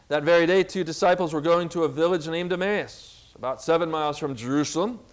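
A man preaching a sermon as pastor, animated, asking the congregation questions and swinging in pitch and loudness.

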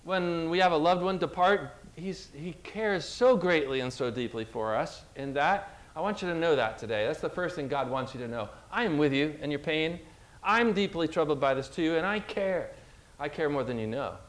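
A man with a somewhat high voice preaches an earnest sermon. He talks personally and with feeling, and retells scripture in his own words. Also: expressive, normal speed. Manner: earnest, emotional, retelling scripture with acted quotes.

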